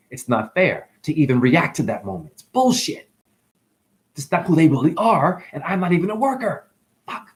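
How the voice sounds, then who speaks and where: A man rambles on to camera in an animated, unscripted monologue, cursing as he goes. His pitch sits a little high and leaps around a lot, and he swings from loud outbursts to low mutters. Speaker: vlogger.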